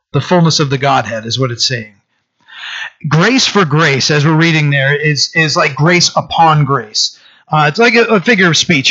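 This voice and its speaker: A man with a slightly high voice, preaching a sermon in a loose, conversational way. He restarts his sentences often and fills the gaps with "uh" and "you know". The recording sounds dull and lo-fi. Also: fairly bright tone. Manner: conversational, with frequent restarts and fillers. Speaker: pastor.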